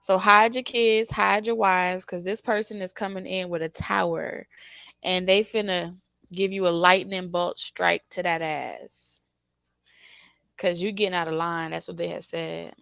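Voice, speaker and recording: A woman giving a casual, animated tarot reading, teasing the listener and laughing often. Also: lowish voice, a little slow, vocal fry, smooth, no echo. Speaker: tarot reader.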